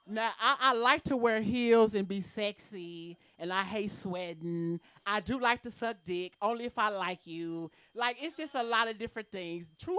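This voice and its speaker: A woman's voice: medium pitch, pushed and bright, smooth, no echo. A woman doing a brash, profane stand-up set at an open mic in a comedy club.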